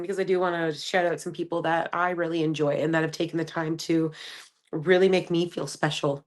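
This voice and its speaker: A woman's voice: low voice, fairly even intonation, fairly quick. A woman in her thirties hosting a podcast, giving candid, chatty advice with lots of fillers. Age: 30s. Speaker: podcast host. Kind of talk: casual solo podcast monologue.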